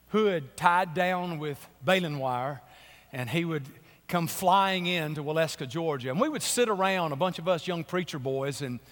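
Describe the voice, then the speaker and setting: A man preaching a sermon in church, a little hoarse from a cold, telling folksy stories that build into emphatic preaching. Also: on the high side, fairly bright tone. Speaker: pastor. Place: church sanctuary. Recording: long reverb of a church hall.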